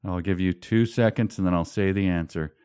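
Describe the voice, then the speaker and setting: A man co-hosting a podcast, chatting casually about a book with a wry, sarcastic manner and halting restarts. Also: low voice, fairly even intonation, mellow, clear, resonant tone. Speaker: podcast co-host.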